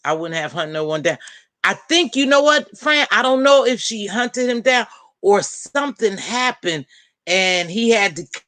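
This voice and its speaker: A woman hosting a casual live-stream panel, chatting and gossiping in an animated way and calling out friends by name. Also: medium pitch, no room sound. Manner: animated, talks straight to viewers and friends by name. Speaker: panel host.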